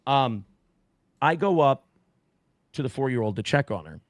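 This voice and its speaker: A man's voice: mid-range voice, lively intonation, normal speed, no room sound. A man as a podcast guest, telling a story casually with heavy swearing and acting out what people said. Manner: heavy swearing, acts out quotes with shifting voices.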